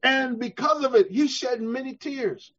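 A male preacher with a high-pitched voice delivers a sermon, rising to fervent shouts and sinking to soft, slow passages. The sound is dull and lo-fi. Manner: preaching with call-and-response, swelling to shouts then dropping soft. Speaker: pastor.

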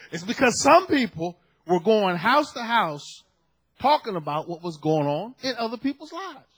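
A man preaching a sermon, telling a story and building to loud shouted peaks. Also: high voice, sing-song, a little slow, slightly rough. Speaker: pastor.

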